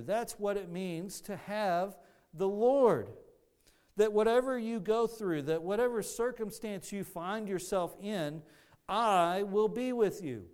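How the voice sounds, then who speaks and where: A man's voice: high-pitched, a little mellow, clear, resonant tone. A man preaching a sermon, earnest and teaching, often restarting his phrases. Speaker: pastor.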